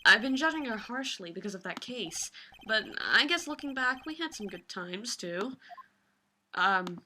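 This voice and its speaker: Woman reading a game aloud, playful, sarcastic, bright tone, animated pitch. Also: unhurried, slight background noise. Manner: playful, sarcastic, swears casually. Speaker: let's play host. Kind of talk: reading game text with joking asides.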